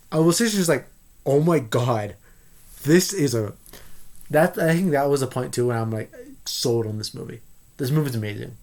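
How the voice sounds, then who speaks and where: Rambling excited man reviewing a movie. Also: mid-range voice. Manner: rambling, excitable, many restarts. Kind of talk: casual spoiler review.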